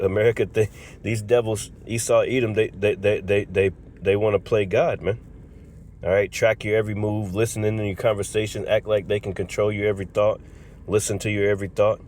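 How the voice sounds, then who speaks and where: Low-voiced man preaching scripture casually. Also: fairly quick, a little mellow. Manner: reads scripture aloud and comments in casual slang, repeating "all right" and "man". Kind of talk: street-style scripture sermon.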